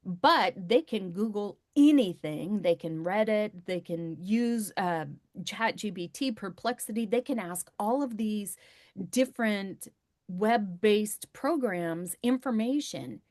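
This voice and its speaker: A woman's voice: mid-range voice, expressive, slow pace, a little mellow, dry recording, studio quality. A woman in her fifties, a podcast guest talking in an emphatic, conversational way and repeating key points for weight. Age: 50s. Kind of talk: conversational interview.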